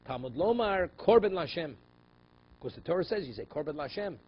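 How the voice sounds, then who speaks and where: A man's voice: fairly high pitch, expressive, a little fast, dull audio. A man, a rabbi, teaching a daily Talmud class, explaining in English mixed with Hebrew and Aramaic terms and checking in with "right?" and "okay?". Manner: rhetorical questions, frequent "right?" and "okay?".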